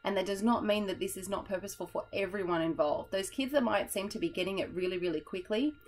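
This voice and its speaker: A woman's voice: medium pitch, quick pace, a little mellow, a little hiss or hum, low-quality recording. A young woman teacher, explaining a classroom method in a chatty, tired way and laughing at herself.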